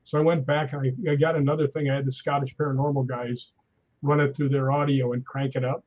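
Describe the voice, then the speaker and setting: A middle-aged man, a stuntman guest, telling animated anecdotes in a casual conversation. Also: mid-range voice, quick pace. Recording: dull lo-fi sound.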